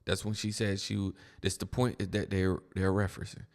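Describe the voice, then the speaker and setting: A man's voice: sits low, flat delivery, fairly quick, long reverb tail. A man hosting a reaction video, giving blunt, mocking casual commentary on clips. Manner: blunt, mocking, keeps saying "bro".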